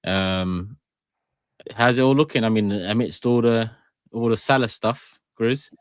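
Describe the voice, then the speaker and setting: Upbeat low-voiced podcast host. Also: male voice, clean tone, no echo. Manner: brisk, upbeat, moves the segment along. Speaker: podcast host running predictions. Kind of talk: casual football podcast hosting.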